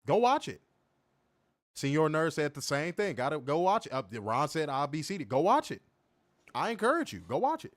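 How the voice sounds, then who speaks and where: A young man co-hosting a wrestling review livestream, reading chat comments and trash-talking in a profane, animated way. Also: on the high side, normal speed, no room sound. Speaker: wrestling podcast co-host.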